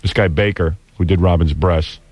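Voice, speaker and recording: A man's voice: deep voice, moderate pace, a little mellow, slightly rough. A man in his forties hosting a radio talk show, telling rambling, self-deprecating stories in casual chat. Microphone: studio microphone.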